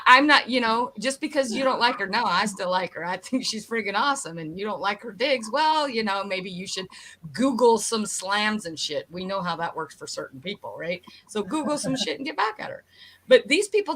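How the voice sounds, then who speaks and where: A woman with a bright, forceful voice, talking in a casual live chat. She rants bluntly and swears a lot, with a brash edge. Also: mid-range voice, slight background noise. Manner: blunt, profane ranting. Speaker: livestream co-host.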